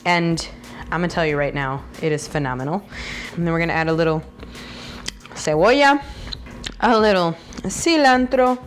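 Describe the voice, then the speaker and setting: A woman's voice: sits low, steady tone, fast talker, slight background noise. A woman whose first language is Spanish, hosting a casual home cooking vlog in a chatty, bubbly way with jokey asides. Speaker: cooking channel host. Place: home kitchen, food sizzling.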